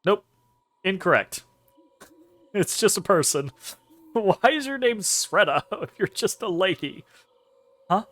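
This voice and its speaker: A man's voice: high-pitched, sing-song, slow pace, long pauses, a bit bright, soft background music. A man hosting a let's play, chatting casually and reading game dialogue aloud. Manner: casual, swears, laughs at the script.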